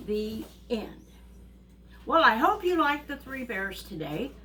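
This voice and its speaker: A woman telling a fairy tale to young children, animated and asking them questions along the way. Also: a little high, slow, a little hiss or hum. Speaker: children's storyteller. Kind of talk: reading a story to young children. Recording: distant mic with faint ambience.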